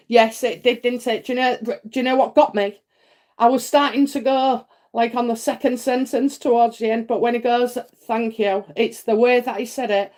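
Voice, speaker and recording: A woman's voice: fairly high pitch, fairly even intonation, normal speed, a little mellow. A woman hosting a live psychic reading stream, chatty and reassuring, with many fillers and frequent "okay?" checks. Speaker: psychic host answering viewer questions.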